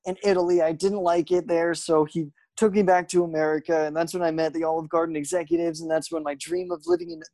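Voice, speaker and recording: A woman's voice: lowish voice, lively intonation, quick pace, gravelly, hardly any pauses, mellow, dry recording. A woman voicing a nervous impostor man faking being Italian, stammering through his excuses in an improv sketch. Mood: flustered. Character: fake Italian man pretending to be Italian, flustered.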